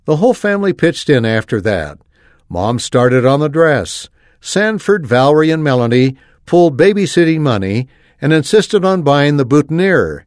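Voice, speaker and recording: A man reading a first-person story aloud with an expressive delivery. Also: fairly high pitch, normal speed, dry recording, studio quality. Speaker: reader.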